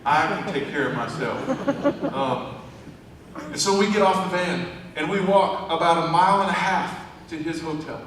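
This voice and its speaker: A man's voice: on the high side, a bit bright, a little hiss or hum. A man giving a sermon testimony to a church, telling a story in a conversational, building way. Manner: storytelling, conversational with rising emphasis. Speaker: church speaker. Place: large church hall. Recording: echoey church hall from far off.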